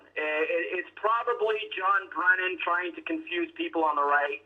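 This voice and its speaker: A male guest calling in over a tinny phone line. His voice sits high, and he rambles on in an opinionated, scornful way. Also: normal speed. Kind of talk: casual political talk show chat.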